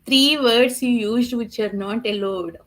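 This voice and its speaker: Woman, slow unhurried talk, teasing, laughs a lot, video call. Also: fairly high pitch, fairly bright tone. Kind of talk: casual video call chat.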